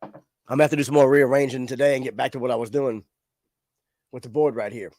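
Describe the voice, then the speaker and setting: A man's voice: mid-range voice, steady tone, fast, darkish tone, dry recording, studio quality. A man hosting a casual live-stream, chatting loosely with viewers in a laid-back way. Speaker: livestream show host. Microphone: studio microphone with audio interface.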